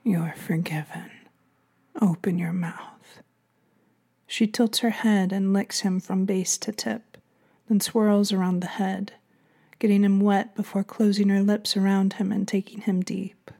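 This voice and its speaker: A woman narrating an erotic audiobook in a soft, half-whispered reading voice. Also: medium pitch, level tone, a little slow, creaky.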